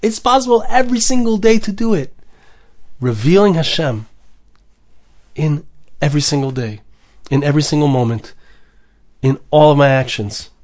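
An earnest man delivers a devotional podcast talk as a rabbi, his voice sitting a little higher than most men's. He builds his emphasis in rising waves, then settles back to a quieter, reflective tone. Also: lively intonation, moderate pace, pauses often.

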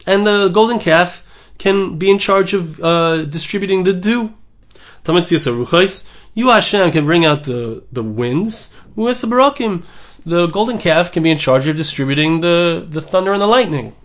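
A male Torah teacher with a high, lively voice and a moderate pace leads an animated class on a midrash. He reads Hebrew and Aramaic text aloud, then translates and explains it with lively emphasis.

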